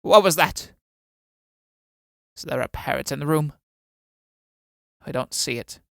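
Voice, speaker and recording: A man's voice: a little high, measured pace, creaky, no echo. A scheming old blackmailer on crutches who barks commands in a hard, menacing tone, as a male reader plays him. His voice sits close to the reader's own, and the sound is dry and close, with no room around it. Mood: startled.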